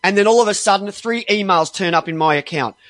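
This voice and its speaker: A man's voice: sits high, fast, fairly bright tone, no room sound. A man ranting angrily, heavily profane and exasperated, stumbling and restarting as he gets worked up. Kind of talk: angry ranting monologue.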